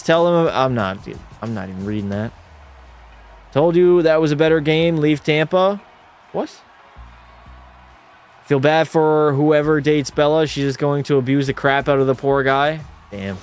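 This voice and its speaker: A young man hosting a live hockey watch party, calling plays and bantering bluntly with his chat. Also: mid-range voice. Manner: blunt, chatty, reacts to chat with jokey banter. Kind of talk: casual live-stream chat and play-by-play.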